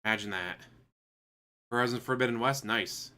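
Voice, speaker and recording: A man's voice: medium pitch, normal speed, pushed and bright, clear, resonant tone. A man streaming commentary, answering a clip with sarcastic, mocking rebuttals. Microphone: desk USB microphone.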